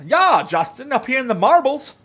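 A man voicing a boastful, odd Canadian villager in a goofy, overdone put-on accent, much higher than his own voice. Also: very animated, rapid-fire, a little mellow, a little hiss or hum.

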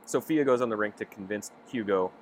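A podcast co-host in casual chat, playful and quick to laugh, often slipping into silly voices. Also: medium pitch, a little hiss or hum.

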